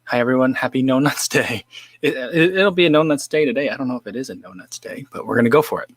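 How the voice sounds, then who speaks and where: A man's voice: medium pitch, quick pace, breathy edge, no room sound. A man hosting a casual livestream, chatting loosely with many fillers and reading out viewer comments. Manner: relaxed and rambling, with many fillers. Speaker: livestream host. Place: home studio in the American Midwest.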